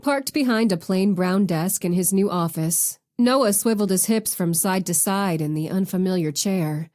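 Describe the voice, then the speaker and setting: A woman narrating a novel audiobook in a measured, expressive way. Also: mid-range voice. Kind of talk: scripted narration.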